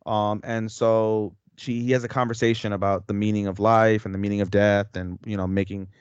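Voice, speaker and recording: A man's voice: on the low side, flat delivery, a little fast, smooth, dry recording, lo-fi sound. A young man co-hosting a podcast, rambling through an anime plot recap with lots of swearing and fillers. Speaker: podcast co-host. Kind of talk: casual anime review chat.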